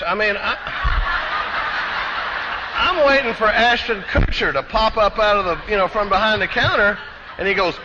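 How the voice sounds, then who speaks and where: A man from Austin with a Texan accent, telling an animated, self-deprecating recovery story to a conference crowd. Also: high-pitched, normal speed, pauses often, background noise. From Austin, Texas. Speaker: recovery speaker. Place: conference hall. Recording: dull echoey hall recording.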